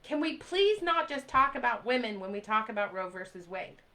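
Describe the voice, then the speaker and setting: In a rough recording, a woman in her forties livestreams, addressing viewers directly with a fairly high, sharp voice that swings widely in pitch at a moderate pace. Her talk is impassioned and pleading; she repeats phrases for emphasis and answers live comments along the way.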